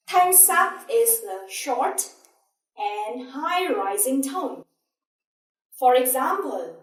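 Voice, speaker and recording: A woman teacher with a Vietnamese accent, slowly explaining and demonstrating tones syllable by syllable. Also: high-pitched, sing-song. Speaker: language teacher. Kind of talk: slow, deliberate language lesson. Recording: echoey room, a bit far from mic.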